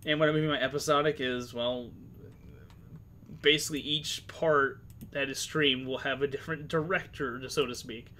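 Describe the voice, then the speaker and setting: Rambling game master, a man with a slightly sore throat, mid-pitched, casual stream talk. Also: fairly even intonation, moderate pace, sharp tone, slight background noise.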